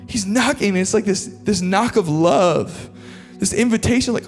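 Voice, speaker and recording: A young male pastor preaches with earnest, confessional feeling that swells into impassioned appeals. His voice sits a little high. It carries the long reverb of a big church hall, with soft music playing behind him. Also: moderate pace. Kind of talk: sermon with personal story. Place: large church auditorium.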